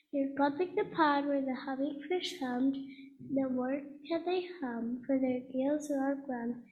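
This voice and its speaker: A woman's voice: high-pitched, dark tone, dull audio. A woman doing the Lorax, scolding. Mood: complaining. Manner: scolding, rhyming storybook verse. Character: small grumpy male forest guardian creature.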